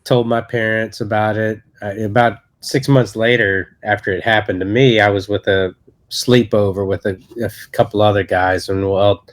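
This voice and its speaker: Low-voiced man telling his testimony. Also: fairly even intonation. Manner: halting, earnest storytelling with many restarts. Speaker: guest, associate pastor. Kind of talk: personal testimony in a podcast interview.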